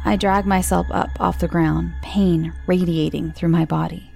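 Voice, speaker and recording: A woman with a low, gravelly voice narrating a first-person horror story in hushed, tense tones. Soft music plays faintly beneath her reading. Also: steady tone, moderate pace, hardly any pauses.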